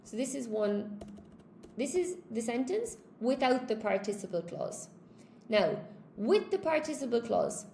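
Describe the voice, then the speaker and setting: A woman's voice: a little high, lively intonation, measured pace, creaky, dark tone, echoey room, a little hiss or hum. Chatty Irish woman teaching grammar. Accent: Cork Irish. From Ireland. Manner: chatty, checks in with "okay?" and greets viewers by name. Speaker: English teacher. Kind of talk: live-streamed grammar lesson.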